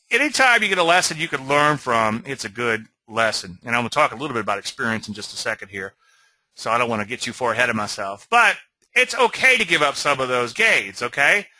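A man with a very bright, forceful voice talks through charts like a weekly webinar host. He is animated and direct, often checking in with his audience. The sound is close and dry, with no room around it. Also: medium pitch, dry recording, low-quality recording. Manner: animated, talks straight to viewers with frequent "okay?". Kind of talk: webinar-style trading commentary.

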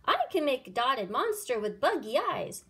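A cocky magic chicken from a children's storybook, as a woman puts it on. It yells its one-ups in a high, quick, bouncing voice. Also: wildly swooping pitch, full character voice. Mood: boastful. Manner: yelling, one-upping. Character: boastful jealous magic chicken.

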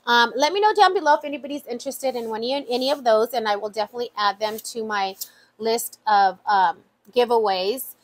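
A woman's voice: on the high side, a little fast. A woman vlogger chatting casually while opening mail, emotional and full of fillers. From USA. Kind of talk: casual chat.

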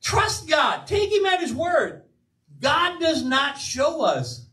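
An older man preaching an animated, emphatic sermon as pastor of his church, acting out quoted asides. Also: very high-pitched, slow pace. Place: church sanctuary. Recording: roomy church sound from a distance.

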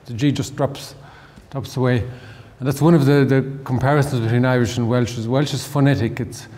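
A man giving an informal language talk, halting with many restarts and fillers, slowing down to spell out examples. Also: mid-range voice, fairly even intonation, warm tone. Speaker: language lecturer. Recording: long hall reverb.

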